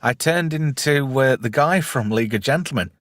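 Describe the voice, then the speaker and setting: A man's voice: mid-range voice, animated, moderate pace, fairly bright tone, no echo, clean studio sound. A man in a casual podcast chat, bawdy and joking, rambling from story to story. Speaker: podcast co-host.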